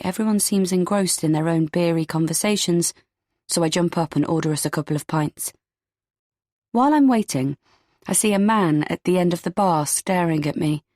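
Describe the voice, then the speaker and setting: A woman narrating a first-person story in a steady, low-key way. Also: dry recording, clean studio sound. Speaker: audiobook narrator.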